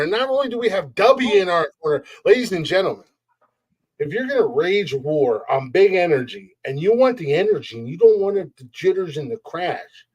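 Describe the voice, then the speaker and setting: Dude cohosting a comedy podcast, kinda high voice, cussing a lot, rambly, goes full wrestling announcer sometimes. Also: male voice, a little mellow. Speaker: podcast co-host. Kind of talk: casual comedy podcast banter.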